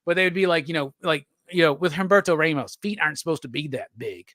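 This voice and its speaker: A man hosting a casual conversation about comics, talking in an animated, profane, slangy way and acting out what other people say. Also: on the high side, fast, no echo, studio quality. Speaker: host.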